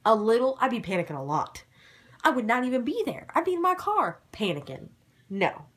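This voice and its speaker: A young woman casually recapping a TV episode to camera, animated and excitable, dropping into sudden dramatic whispers. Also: a little high, a little fast, slightly rough. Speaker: vlogger recapping a ghost-hunting show.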